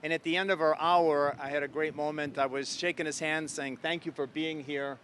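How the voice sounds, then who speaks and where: A man in his sixties from Ohio, a guest on a live interview, telling a story with animated enthusiasm. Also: on the high side, moderate pace, a little hiss or hum. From Ohio, USA. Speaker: guest, former astronaut.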